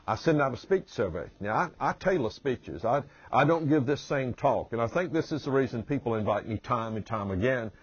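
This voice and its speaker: Southern guy talking real slow, humorist pitching himself, kinda husky, dull lo-fi sound. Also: no room sound. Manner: slow, drawling delivery. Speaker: humorist and motivational speaker. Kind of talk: promotional self-introduction with anecdotes.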